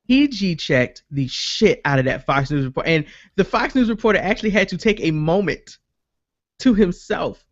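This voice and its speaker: Animated guy telling a story, kinda high voice, dry dull lo-fi sound. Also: moderate pace, no room sound. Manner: animated storytelling, acts out quotes, swears freely. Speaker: podcast host. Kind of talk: casual chat.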